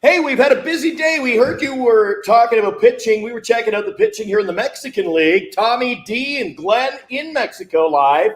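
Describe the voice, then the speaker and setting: A man's voice: extremely high pitch, expressive, fairly quick, few pauses. A man co-hosting a live sports talk show from a remote call, upbeat and jokey. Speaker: co-host. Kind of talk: casual chat. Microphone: phone or laptop on video call. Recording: echoey remote call audio.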